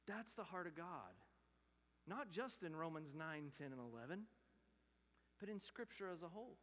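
A man's voice: on the high side, animated, normal speed. Impassioned male pastor in a reverberant church. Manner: impassioned, swings from loud emphatic to hushed earnest. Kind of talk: sermon. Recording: long hall reverb.

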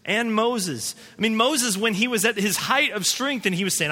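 A man preaching a sermon, his voice high for a man and bright and forceful. He talks in a loose, conversational way and acts out little quoted voices. The sound rings with the long reverb of a large hall. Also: moderate pace. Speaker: pastor.

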